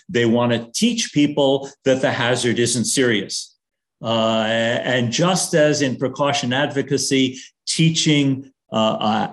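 An older man giving a lecture on risk communication, calling for the next slide, speaking in a halting way with many fillers and restarts and a dry sense of humor. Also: medium pitch.

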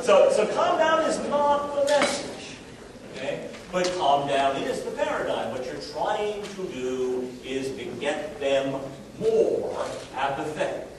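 A man giving a live lecture to a room of listeners, speaking in a wry, conversational way with many fillers and restarts. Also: medium pitch. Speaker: lecturer on risk communication. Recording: very echoey room, distant mic, steady noise.

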